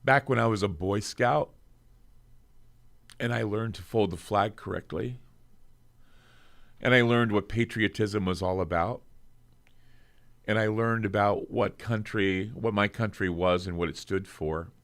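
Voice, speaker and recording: A man's voice: fairly low pitch, unhurried, pauses often. A middle-aged American man hosting his show, speaking in an emotional monologue to viewers, choking up as he talks, earnest and heartfelt. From United States. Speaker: radio show host.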